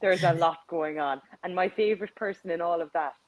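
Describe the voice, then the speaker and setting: A woman, a panelist on a sports talk show, measured and wry. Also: lowish voice, dry recording, poor audio. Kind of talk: casual panel chat.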